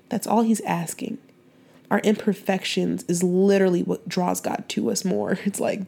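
A woman's voice: fairly low pitch, fairly even intonation, unhurried, gravelly, long pauses, dark tone, husky. A young woman hosting a faith-based podcast, talking in an earnest, heartfelt way that rambles and restarts. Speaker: podcast host.

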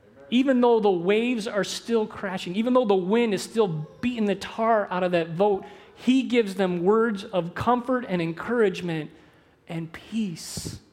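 A man preaching a sermon as pastor, animated, moving between loud emphasis and hushed, slow phrases. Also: high voice. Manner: quick asides mixed with slow, drawn-out phrases.

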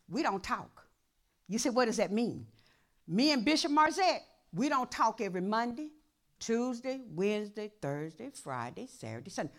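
A woman pastor preaching a sermon in a church, impassioned and repetitive, dropping to a hush and then rising to shouts. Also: fairly high pitch. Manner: impassioned, repeats phrases, swings from hushed to shouting.

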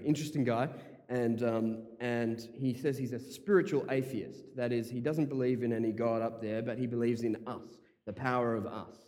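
A man preaches in an emphatic, repetitive style, loosening into casual asides between his main points. His voice is warm and dark in tone. The sound carries a long reverb from a large church hall. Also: medium pitch. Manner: emphatic, repeats key phrases, casual asides. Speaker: pastor. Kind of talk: sermon.

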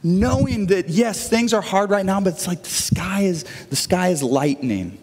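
High-voiced pastor preaching in a church. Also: male voice, animated, normal speed, darkish tone. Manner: earnest, conversational storytelling with frequent restarts. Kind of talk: sermon. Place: church sanctuary. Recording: long reverb of a church hall.

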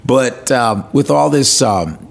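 A man's voice: mid-range voice, animated, slow pace, creaky. A man from the United States, a standup comedian guest telling stories in a casual podcast chat, swearing freely and acting out his friends' voices.

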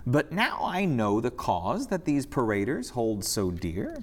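A man's voice: mid-range voice, wildly swooping pitch, unhurried. A man voicing a very tall jolly male clown in a rhyming story, announcing earnestly, in a reverberant church hall.

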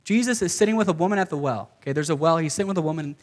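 A man with a notably high voice preaching to a gathered group. He talks in a loose, conversational way, often checking in with "okay" and slipping in "like" as he explains things. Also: lively intonation, very fast, a little mellow. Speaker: pastor. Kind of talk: casual sermon to a live group.

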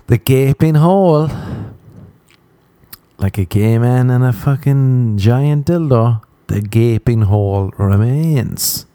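A man's voice: medium pitch, takes it slowly, mellow, dry recording. A man hosting a podcast, telling crude, rambling stories and acting out the quotes in a casual comic monologue. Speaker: podcast host.

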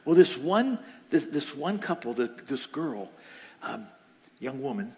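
A man preaching a sermon as pastor, animated, swinging between loud lines and whispers. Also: medium pitch, measured pace. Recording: echoey hall.

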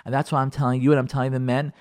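A man's voice: mid-range voice, flat delivery, very fast. A man teaching a radio class as a rabbi, emphatic and repetitive, sprinkling in Hebrew and Yiddish terms. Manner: acts out listeners' imagined voices. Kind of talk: radio Torah class on marriage.

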